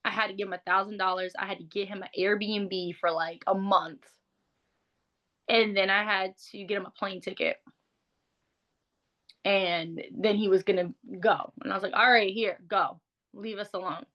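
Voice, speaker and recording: A woman talks as an interview guest, recounting her own experiences openly. Her delivery is casual and conversational, full of "like" and quick restarts, frank rather than polished. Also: mid-range voice, steady tone, muffled recording. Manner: frank, conversational, heavy use of "like". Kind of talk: candid personal storytelling.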